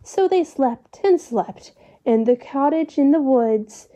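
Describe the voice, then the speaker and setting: A woman calmly and expressively reading a children's story aloud. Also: high voice, takes it slowly. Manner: calm, expressive read-aloud.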